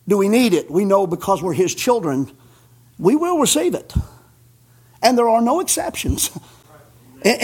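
A man preaching a folksy sermon in a very high, husky voice. He chuckles along, peppers his lines with "amen," and builds to fervent shouts. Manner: punctuates with "amen".

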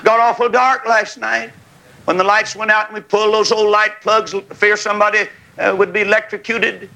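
A man preaching a revival sermon in a tent, folksy and fiery, rising to shouts, with a congregation calling back amens. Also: high voice, flat delivery, normal speed, vocal fry, poor audio. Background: congregation calling amen.

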